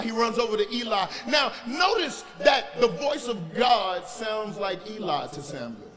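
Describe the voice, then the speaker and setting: High-voiced preacher in an echoing church. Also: male voice, measured pace, hardly any pauses. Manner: animated storytelling, building to shouts. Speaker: pastor. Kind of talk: sermon. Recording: long church reverb, congregation heard.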